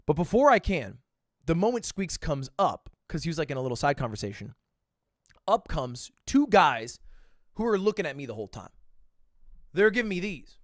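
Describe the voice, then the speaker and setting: A man's voice: on the high side, big pitch swings, normal speed, long pauses, no echo, clean studio sound. A young man, an online creator, telling a casual story with lots of self-mocking energy and frequent swearing.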